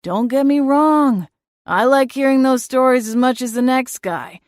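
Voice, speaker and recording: A woman's voice: high voice, measured pace, dry recording, studio quality, voice pushed up. A woman voicing an exasperated, long-winded male small-town sheriff who talks down to others.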